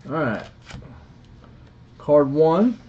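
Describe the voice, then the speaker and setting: Southern man, unhurried card-break host, easygoing and joking, lo-fi stream sound. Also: fairly high pitch. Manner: relaxed, joking, chatty. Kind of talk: casual live stream commentary. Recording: dull lo-fi stream audio.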